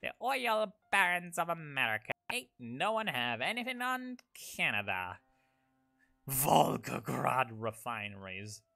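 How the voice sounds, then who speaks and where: A man's voice: mid-range voice, big pitch swings, a little slow, vocal fry, sharp tone, heavily acted. A man putting on a jokey British accent to announce things grandly. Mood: pompous. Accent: put-on British. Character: pompous British-sounding oil announcer.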